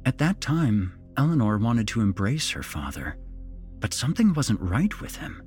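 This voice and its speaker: A man reading a suspense story aloud with animated swings in pitch. His voice sits at a middle pitch, with a faint musical bed beneath it. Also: moderate pace, soft background music. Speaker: narrator. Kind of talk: storytelling narration.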